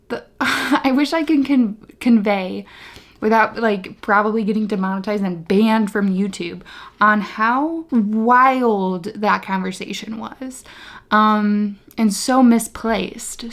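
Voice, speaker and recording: A woman, reviewing a book in casual vlog chat, sarcastic and exasperated, laughing as she rants. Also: medium pitch. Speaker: book vlogger.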